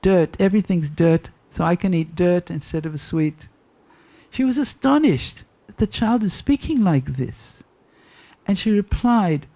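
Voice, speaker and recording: An older woman tells a devotional story at an unhurried pace. Her voice is soft and mellow, and she circles back over her phrases to let each point land. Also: fairly low pitch, expressive. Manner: slow, deliberate storytelling with repeated phrases. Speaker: devotional class speaker. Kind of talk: storytelling sermon.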